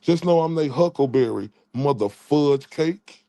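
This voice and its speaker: A man in a mocking, trash-talking rant, taunting his target and tripping over repeated words. His voice sits a bit high for a man. The sound is dry and close, with no room. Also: animated, measured pace, dark tone, dry recording. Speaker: channel host.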